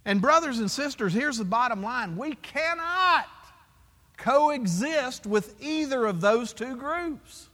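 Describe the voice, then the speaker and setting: A man's voice: very high-pitched, animated, measured pace, hardly any pauses, a bit bright. A man preaching a sermon as pastor, emphatic and full of rhetorical questions to his congregation. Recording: long hall reverb.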